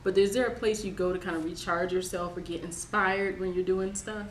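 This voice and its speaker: A woman chats away as a co-host. Her talk runs on and jumps into excited high exclamations. The room around her is roomy and echoing, with a faint hiss underneath. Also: brisk. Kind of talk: casual chat.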